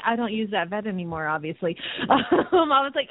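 A woman's voice: a little high, expressive, fast talker, hardly any pauses, no echo. A woman from Georgia with a Southern accent, co-hosting a casual radio chat, talking in a chatty way and laughing often. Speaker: co-host. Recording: tinny phone-like radio sound.

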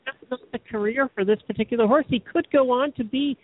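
A man's voice: very high-pitched, brisk, dry recording. Teasing man on a tinny line. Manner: teasing, wry. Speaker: radio co-host. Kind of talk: casual radio chat.

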